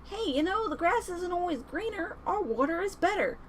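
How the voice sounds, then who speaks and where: A woman's voice: extremely high pitch, expressive, moderate pace, a little hiss or hum, voice pushed up. A woman voicing a fussy male crab adviser who pleads and persuades. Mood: pleading.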